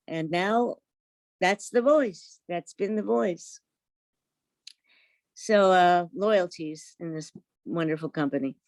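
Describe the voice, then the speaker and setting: A woman's voice: mid-range voice, no room sound. An older woman from Brooklyn with a New York accent, chatting as a guest and telling stories with acted-out quotes. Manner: animated storyteller, acts out quoted voices. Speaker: voice actress guest. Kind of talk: casual interview chat.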